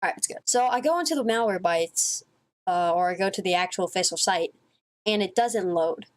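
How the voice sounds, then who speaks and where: A woman's voice: on the low side, fairly quick. A woman vlogger telling a rambling, profane story in a casual monologue, full of swearing, fillers and restarts.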